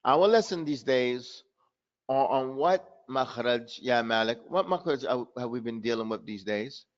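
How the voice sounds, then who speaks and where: A man's voice: mid-range voice, lively intonation, unhurried, highs cut off. A man teaching a tajweed class, calling on students by name and switching between Arabic and English. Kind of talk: classroom lesson.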